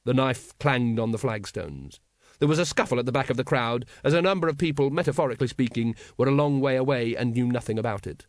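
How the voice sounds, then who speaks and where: Here a male audiobook narrator tells a story from a script, steady and expressive, his voice in the mid range. The studio-quality sound has no echo.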